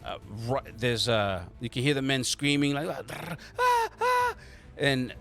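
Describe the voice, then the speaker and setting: A man narrating a tabletop game as game master, halting and restarting, with quick voiced asides. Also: mid-range voice, fairly bright tone, faint music behind.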